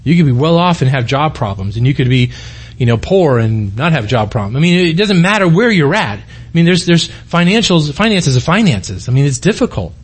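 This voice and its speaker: A man's voice: fairly high pitch, big pitch swings, brisk, breathy edge. A middle-aged man, a pastor, preaching a sermon in an earnest, conversational way, often restarting his sentences.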